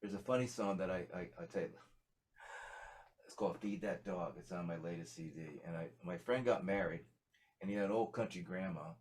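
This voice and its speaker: This is a man speaking in a slightly low voice as a guest in a casual interview. He rambles and restarts his sentences, filling the gaps with "you know" and "um". His talk sounds loose and friendly. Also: brisk, a little mellow. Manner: rambling, many fillers and restarts. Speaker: musician guest.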